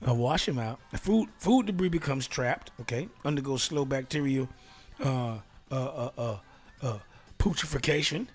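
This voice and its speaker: A radio host in a medium-pitched voice at a moderate pace runs a casual solo talk show, reading aloud, joking, laughing often, and slipping into whispered asides.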